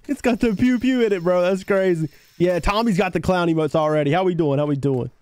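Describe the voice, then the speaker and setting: A man livestreams a game, laid-back and chatting casually, thanking viewers by name and calling them brother. His high voice is smooth with a darkish tone, he talks a little fast, and there's no echo.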